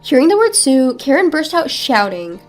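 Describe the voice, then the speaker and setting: Woman, story narrator, high pitched, earnest, resolute, faint background music. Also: very animated, moderate pace. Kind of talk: first-person story narration.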